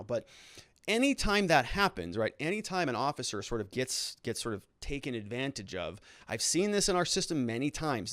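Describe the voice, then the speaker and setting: A man's voice: mid-range voice, a bit bright, no room sound, studio quality. A man giving casual legal commentary as a lawyer, talking in a loose, conversational way with sarcastic asides.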